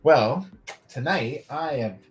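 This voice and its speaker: A man's voice: medium pitch, expressive, slow, a little hiss or hum. Laid-back man hosting a live stream. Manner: laid-back, laughs often, swears casually. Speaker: host of a live customizing stream. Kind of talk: casual live-stream chat.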